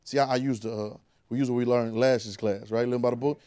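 A man preaching a conversational sermon, repeating phrases and rising to shouted calls. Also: mid-range voice, steady tone, fast.

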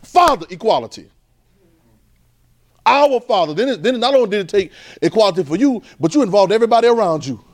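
A man with a high-pitched voice delivers an informal, conversational sermon, animated and brisk. He repeats phrases and swings between loud and soft.

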